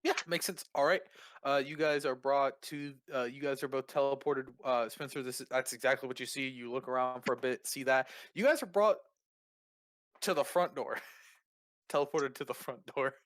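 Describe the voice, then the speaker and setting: A man narrating as game master for a tabletop game, playful and teasing, often restarting his sentences. His voice sits in a middle pitch. The sound is dry, with no room echo. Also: normal speed, a bit bright.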